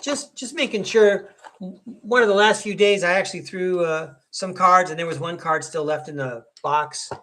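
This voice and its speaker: A man's voice: sits high, moderate pace, fairly bright tone, a little hiss or hum. A middle-aged man giving a chatty, upbeat live tarot reading and speaking to viewers by name. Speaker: tarot reader hosting a live stream.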